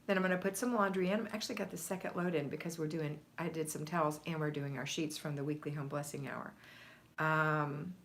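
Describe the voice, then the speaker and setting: A woman's voice: low-pitched, steady tone, fairly quick, a little hiss or hum. Chatty American woman hosting a livestream. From United States. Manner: chatty, reads viewer comments aloud and greets them by name. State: slightly out of breath. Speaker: home organizing coach hosting a livestream. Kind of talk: casual livestream chat.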